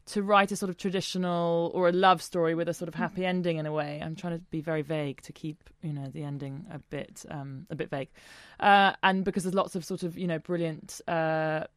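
Woman novelist, talks fast, lower voice, fillers galore. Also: dry recording, clean studio sound. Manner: chatty, many fillers and self-interruptions. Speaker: novelist guest. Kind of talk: casual chat.

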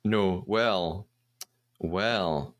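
A man's voice: deep voice, very slow. A man hosting a podcast, recapping episodes in a chatty, storytelling way and laughing often. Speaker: podcast host.

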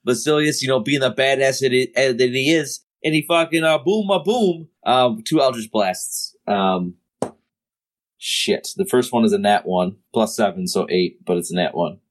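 A man playing a tabletop role-playing game, swearing heavily and mocking another player's character. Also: medium pitch. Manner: profane, mocking, reads dice rolls slowly. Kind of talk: tabletop role-play banter.

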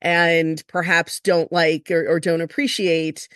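A woman's voice: lowish voice, flat delivery, takes it slowly, fairly bright tone, no room sound, clean studio sound. A woman hosting a casual interview, asking curious questions and repeating words as she restarts her sentences. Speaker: podcast host.

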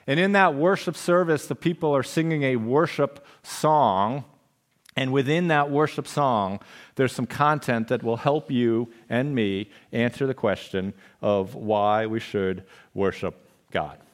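A man's voice: medium pitch, unhurried. A man preaching a sermon as pastor of a church, conversational with playful, joking asides.

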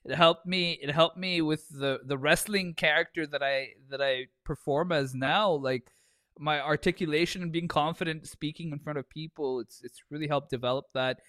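A podcast co-host who stammers and repeats words in casual chat, laughing often. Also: male voice, on the high side, fairly even intonation, normal speed, fairly bright tone, no room sound, clean studio sound.

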